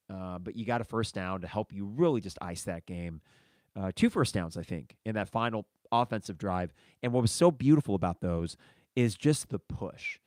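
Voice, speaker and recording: On his relaxed one-man sports podcast, the host goes through listener mail and responds conversationally. His voice is on the low side, and the sound is clean studio audio without echo.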